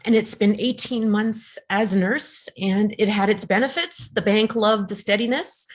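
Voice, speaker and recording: A woman in her fifties from Canada, a coaching client on a video call, exhausted and close to tears, speaking haltingly. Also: medium pitch. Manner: halting, hesitant.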